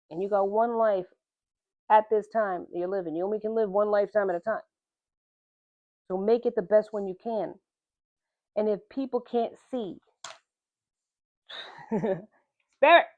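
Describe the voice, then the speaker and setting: A woman giving a tarot reading, speaking straight to the viewer in a direct, plain-spoken way and calling them "man" and "honey". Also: medium pitch. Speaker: tarot reader. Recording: tinny phone-like audio.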